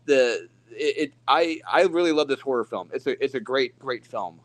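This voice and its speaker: A man co-hosting a casual podcast chat over his phone, talking haltingly with many restarts. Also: medium pitch, lively intonation. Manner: halting, full of false starts. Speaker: podcast co-host.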